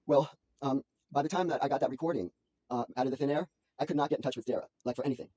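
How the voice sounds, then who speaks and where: A man talking to his mother on a phone call, rambling anxiously with halting restarts and repeated words. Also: medium pitch, mellow, a little hiss or hum. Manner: anxious, frantic storytelling.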